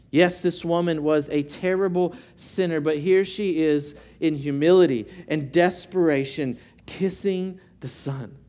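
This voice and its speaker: A man preaching a sermon in an earnest, measured way, asking rhetorical questions of his listeners. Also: high voice, a little mellow. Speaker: pastor.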